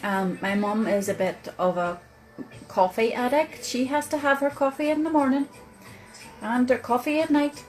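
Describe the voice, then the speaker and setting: A woman with a Northern Irish accent, telling a chatty personal story to camera as a vlogger, with many pauses and fillers. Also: on the high side, soft background music, low-quality recording. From Northern Ireland.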